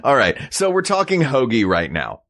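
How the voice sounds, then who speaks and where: A tired man co-hosting a casual podcast, animated and jokey as he explains sandwich history. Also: mid-range voice, normal speed, dry recording, studio quality. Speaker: podcast co-host. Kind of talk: casual chat.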